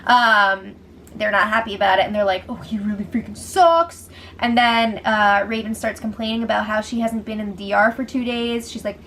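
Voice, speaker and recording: A woman hosting a casual reality show recap, sarcastic and quick to laugh. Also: medium pitch, steady tone, fairly bright tone, a little hiss or hum. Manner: sarcastic, laughs often, quotes people in mocking voices.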